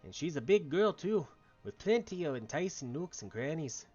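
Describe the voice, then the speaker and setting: Man doing a bawdy old barkeep, gruff, high and loud, dull audio. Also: very animated, normal speed, faint music behind. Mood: boisterous. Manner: rowdy, boisterous, full of slang. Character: bawdy old male tavern keeper, jovial and gruff.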